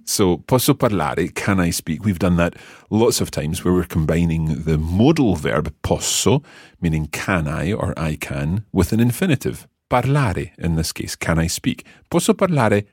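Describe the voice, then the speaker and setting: A man's voice: sits low, very animated, normal speed, darkish tone, slightly rough, no room sound, studio quality. A man teaching a language lesson, patiently explaining step by step and quizzing the learner.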